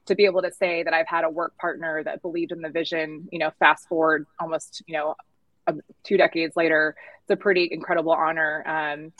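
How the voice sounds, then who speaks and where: A middle-aged woman, a podcast guest, telling her career story in a candid, animated way. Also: on the low side, no room sound, muffled recording. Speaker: podcast guest, agency founder. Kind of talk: casual interview storytelling.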